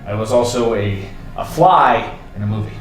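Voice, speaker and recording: A man's voice: on the low side, moderate pace. A man co-hosting a casual talk show, rambling and stumbling over repeated words. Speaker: co-host. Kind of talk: casual chat. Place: pub. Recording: very echoey pub with music.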